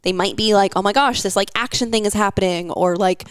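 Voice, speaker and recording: A woman's voice: medium pitch, brisk, smooth, dry recording. A young woman hosting a wellness podcast, talking casually with lots of fillers and an encouraging tone. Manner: chatty, filler-heavy, encouraging.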